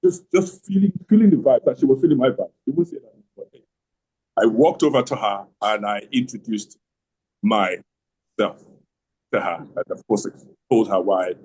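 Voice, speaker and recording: A man in middle age tells a long story over a video call, husky and mellow in tone. He rambles, repeats himself, and starts his sentences over and over. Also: lowish voice, moderate pace, rough recording. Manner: rambling, repeats words and restarts often. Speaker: host telling his marriage story. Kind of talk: casual storytelling on an online call. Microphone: online video call.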